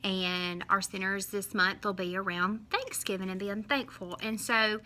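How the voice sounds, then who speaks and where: A woman teacher, talking young children through a lesson in a slow, sing-song way and stretching out each syllable when she counts. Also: medium pitch, steady tone, pushed and bright.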